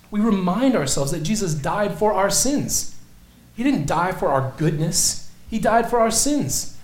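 A man preaching a sermon as pastor, earnest, swinging between emphatic peaks and low, soft passages. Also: roomy sound.

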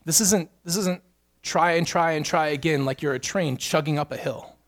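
Male pastor, fairly high voice, emphatic sermon delivery with repetition. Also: moderate pace. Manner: earnest, emphatic preaching with repeated phrases.

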